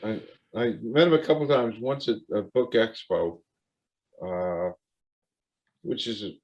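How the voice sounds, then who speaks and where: Lower-voiced man host on dull audio. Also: animated, measured pace, darkish tone. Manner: enthusiastic, brief reactions. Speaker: interview host. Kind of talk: casual interview chat.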